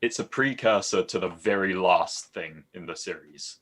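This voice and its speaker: A man, a podcast guest, chatting in a relaxed, self-deprecating way with casual swearing. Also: sits low, normal speed.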